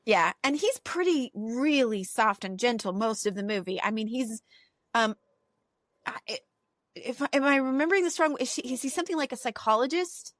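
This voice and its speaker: A woman's voice: on the high side, animated, moderate pace, fairly bright tone, no echo, clean studio sound. A woman co-hosting a podcast in casual chat, acting out quotes and laughing often. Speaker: podcast co-host.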